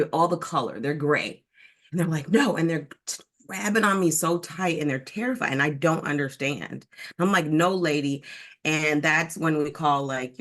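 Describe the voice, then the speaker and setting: A woman from Detroit, a diversity coach, talking candidly in an interview, animated and frank with plenty of ums and likes. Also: low-pitched. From Detroit, Michigan, United States. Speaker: diversity and inclusion coach, guest. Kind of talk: candid personal storytelling in an interview.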